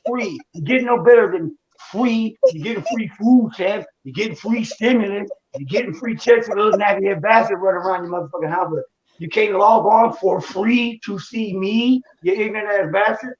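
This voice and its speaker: A man's voice: high-pitched, moderate pace, highs cut off. A male comedian ranting with mock anger and heavy profanity, doing stand-up into a video call. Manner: mock-angry, profane, loud rants. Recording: echoey room with faint noise.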